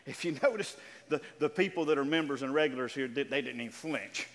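An older man preaching a sermon as pastor, calling out to his congregation and drawing out key words slowly. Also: mid-range voice, long reverb tail, a little hiss or hum. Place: church sanctuary.

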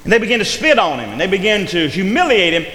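This man's sermon comes in a high, sharp-toned voice, fast and full of big pitch swings, following a rising and falling preaching rhythm with frequent emphasis. It was recorded in an echoey hall with long reverb and a little noise.

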